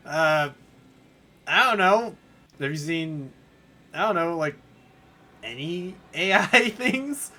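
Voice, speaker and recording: A man streaming a game, chatting casually with animated, giggly commentary. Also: high-pitched, slow pace. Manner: animated, giggly, self-interrupting. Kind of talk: casual let's play commentary.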